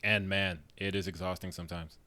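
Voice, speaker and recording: Male podcast host, lowish voice, fast and relaxed, dry studio sound. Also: no echo. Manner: relaxed and laughing, drifts into impressions of lines. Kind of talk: casual movie review chat.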